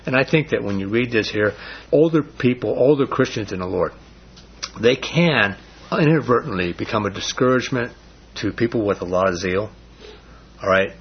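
A man's voice: lowish voice, slight background noise. A middle-aged man leading a Bible study in an earnest, rambling, casual way, with frequent restarts. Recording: dull lo-fi recording.

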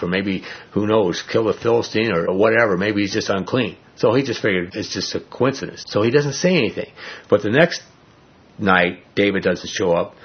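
A man's voice: mid-range voice, breathy edge. A man teaching a Bible lesson as a pastor, conversational and folksy, often checking in with "all right?" on a muffled recording.

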